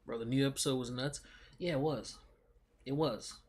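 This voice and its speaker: Husky laid-back young male streamer. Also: medium pitch, moderate pace. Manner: laid-back, rambling, slangy. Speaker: livestreamer. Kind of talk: casual livestream chat.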